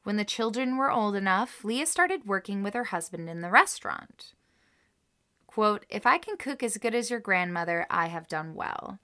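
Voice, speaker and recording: A podcast co-host reads a researched story and quotes aloud, then reacts emotionally, all within casual chat. Her mid-range voice is expressive, at normal speed, with a pushed, bright quality.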